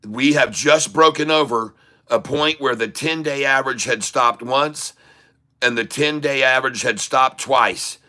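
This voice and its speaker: A middle-aged man giving excited live commentary while day-trading, repeating prices rapidly and breaking into rhyming chants like a hype man. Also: medium pitch.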